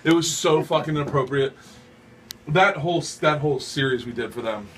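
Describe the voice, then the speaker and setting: A man telling stories as a comedian guest on a radio show, excitable and profane, laughing as he goes. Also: on the high side, a little fast. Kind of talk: storytelling radio interview. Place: radio studio.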